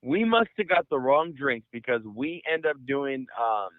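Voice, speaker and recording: A man's voice: medium pitch, moderate pace, no echo. Profane rambling young man on a thin line. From San Francisco Bay Area. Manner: profane, rambling, animated storyteller. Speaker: podcast host. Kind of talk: casual storytelling. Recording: dry, phone-like audio.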